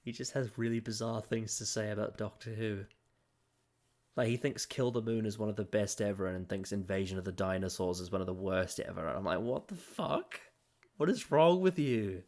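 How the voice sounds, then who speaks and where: A man's voice: fairly low pitch, fairly quick. A man co-hosting a podcast, chatting casually and ranting animatedly with swearing and laughter. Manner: animated, swearing, laughs at his own rants. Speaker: podcast co-host. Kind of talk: casual chat.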